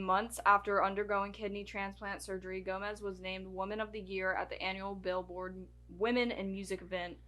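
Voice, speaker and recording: A woman's voice: mid-range voice, a bit bright. A woman co-hosting a casual podcast, reading notes aloud and tripping over names and dates. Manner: stumbles and restarts while reading names and dates. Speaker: podcast co-host.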